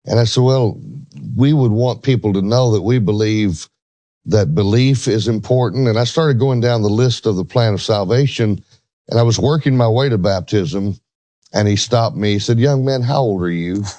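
Man, middle-aged, low voice, dry close sound, earnest storytelling. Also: normal speed, warm tone, no echo. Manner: earnest, emphatic quoting of others. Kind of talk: storytelling in a religious talk show.

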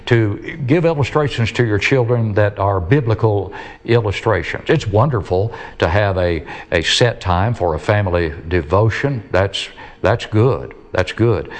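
A man with a fairly low voice delivers a sermon. He stresses key words and lets each phrase end sink low. His delivery is earnest and steady. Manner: emphatic, rising on key words and dropping low at phrase ends. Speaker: preacher.

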